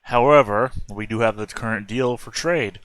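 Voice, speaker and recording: A man's voice: mid-range voice, moderate pace, a bit bright, dry recording, poor audio. A man in a tabletop role-play game, speaking as a smug, haggling merchant. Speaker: player voicing a merchant.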